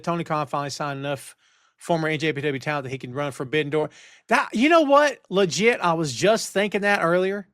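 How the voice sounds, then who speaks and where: Man, middle-aged, podcast host, animated, reads chat aloud, high-pitched, dry studio sound. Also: no echo. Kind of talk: live-stream wrestling talk show. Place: home studio on camera. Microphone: headphones and studio mic.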